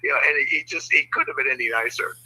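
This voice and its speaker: An older man recounting a story as a guest, in a very bright, ringing voice with a husky edge. He stops and restarts often and fills gaps with "you know". His pitch sits in the ordinary range for a man. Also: fast talker, low-quality recording. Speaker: guest, former prosecutor. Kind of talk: telling a story in conversation.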